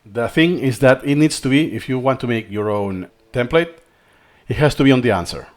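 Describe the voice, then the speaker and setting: At a moderate pace and medium pitch, a man from Spain explains a learning tutorial in a screen recording. His Spanish accent reflects his native language, and he reasons aloud as he works, repeating himself.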